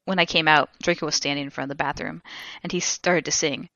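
A young woman co-hosting a comedy podcast, reading a story aloud in a deadpan way. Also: low-pitched, fast talker, no echo, highs cut off. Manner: deadpan narration that breaks into laughter. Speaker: podcast co-host. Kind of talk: comic dramatic reading.

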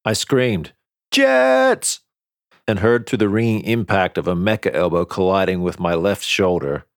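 Brief: male audiobook narrator, deep voice, dry close recording, steady first-person telling. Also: fairly quick, no echo.

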